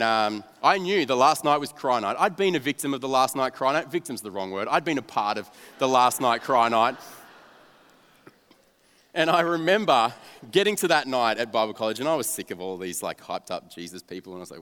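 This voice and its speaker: A young man, a youth pastor, telling a story of his own to an audience in a self-mocking, animated way, dropping to a flat mumble for his cynical asides. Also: medium pitch, brisk. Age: young adult. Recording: long reverb of a large hall.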